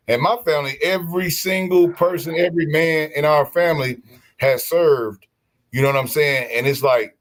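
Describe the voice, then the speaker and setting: Animated man telling stories on a stream. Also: on the high side, normal speed. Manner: animated, preachy storytelling with many restarts. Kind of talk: casual chat.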